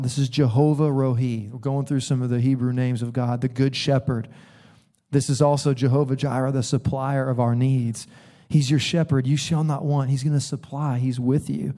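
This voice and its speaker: Man, pastor, sermon, relaxed dark tone, emphatic storytelling. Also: medium pitch, moderate pace. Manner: storytelling with laughs and bursts of emphasis. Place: church sanctuary.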